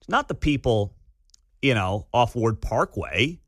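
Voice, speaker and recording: A man's voice: medium pitch, measured pace, husky, no echo. A man hosting a talk radio show, delivering sarcastic commentary from a studio. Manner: sarcastic, lively. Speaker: radio host. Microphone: studio microphone.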